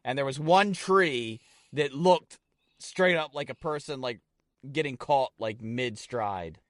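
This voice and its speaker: A man's voice: medium pitch, slow, no room sound, studio quality. A man co-hosting a podcast in casual chat, rambling and swearing as he tells stories. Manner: rambling, profane, excitable. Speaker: podcast co-host.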